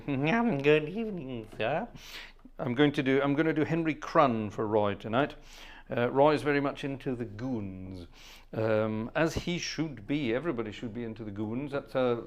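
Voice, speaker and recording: A middle-aged man chats easily as he hosts a live stream, welcoming each viewer by name. His voice sits at an ordinary male pitch, and he drops in playful, friendly asides between greetings. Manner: chatty, warm-hearted, playful asides. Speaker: livestream host and organist.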